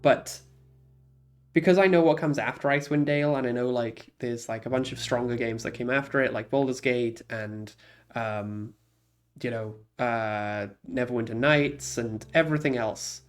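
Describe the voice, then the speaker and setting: Rambling streamer with faint music. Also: male voice, mid-range voice, moderate pace. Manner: rambling, many fillers and restarts, laughs often. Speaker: streamer ranking games. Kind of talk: casual chat.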